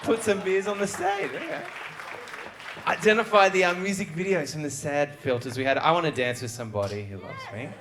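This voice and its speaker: A man hosting a live trivia night, with a slightly raised voice that reads questions off briskly and cracks jokes with the panel. A lively crowd fills the venue around him. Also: fairly high pitch, background noise. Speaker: quiz show host. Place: live venue before an audience. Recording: live show with crowd audible. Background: audience crowd.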